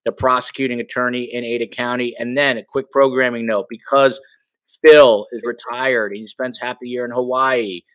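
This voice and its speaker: A man's voice: medium pitch, fairly even intonation, moderate pace, a bit bright, dry recording. A man hosting a podcast, upbeat and chatty, hyping his guest and audience. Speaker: podcast host. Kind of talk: casual interview hosting.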